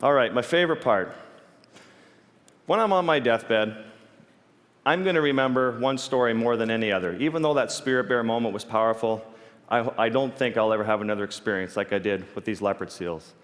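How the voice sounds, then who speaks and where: A man telling stories on stage in an animated way, with halting restarts and quick laughs. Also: mid-range voice. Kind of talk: storytelling talk on stage. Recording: long reverb of a large hall.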